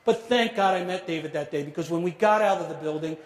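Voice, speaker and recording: A middle-aged man telling a personal story to an audience, measured and dramatic, dropping to a hush at grave moments. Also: fairly high pitch. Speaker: speaker telling a survivor story. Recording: echoey hall.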